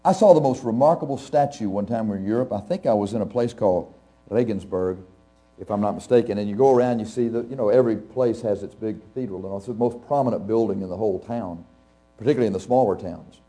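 A man's voice: fairly low pitch, quick pace, dark tone. A male pastor preaching to a live congregation in a conversational, anecdotal way, chuckling often and asking the audience questions. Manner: speaks straight to the audience, asks questions.

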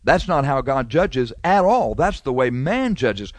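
A male preacher delivering a fiery sermon in a dry, close recording. He scolds and warns with heavy emphasis. His pace lurches between quick runs and slow, hammered points. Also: on the high side, very animated, dry recording.

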